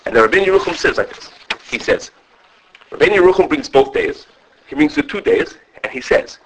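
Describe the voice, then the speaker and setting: A man teaching a lively halachic class to students. He talks quickly, restarts often, checks in with "okay", and mixes Hebrew and Yiddish terms into his English. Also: on the high side, a little hiss or hum, poor audio. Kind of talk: animated halachic lecture with students.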